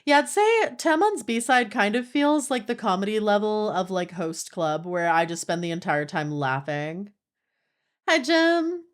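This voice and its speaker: A young woman streams and chats casually with her live viewers, gushing, giggling, and saying "like" a lot. Her mid-range voice is expressive and a little slow, and she keeps breaking into laughter.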